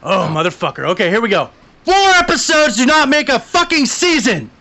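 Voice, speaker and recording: High, bright-voiced man cursing through a rant. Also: big pitch swings, brisk. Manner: profane frustrated ranting, swings from grumbling to shouting. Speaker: podcast co-host. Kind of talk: casual chat. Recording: dull lo-fi podcast audio.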